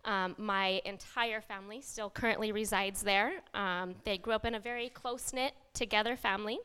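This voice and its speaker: A woman's voice: mid-range voice, fairly even intonation, normal speed, sharp tone, clean tone, big-room sound. A woman in her thirties from Washington State giving a nervous church testimony, a little shaky, with many ums. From Washington State, USA. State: slightly shaky voice. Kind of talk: personal testimony, partly read aloud. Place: church sanctuary, up front.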